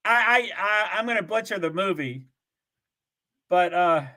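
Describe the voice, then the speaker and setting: A man's voice: high-pitched, measured pace, pushed and bright. An older man hosting his own livestream, chatting in a rambling, casual way, full of fillers and frequent chuckles. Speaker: livestream host. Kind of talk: rambling casual chat to viewers. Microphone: streaming setup, from home.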